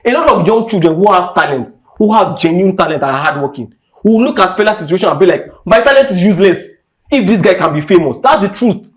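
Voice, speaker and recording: Podcast host, young Nigerian man, pitched a bit high, emphatic rant delivery. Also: expressive, fast talker. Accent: Nigerian English. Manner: heated and emphatic, repeating points. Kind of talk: impassioned rant.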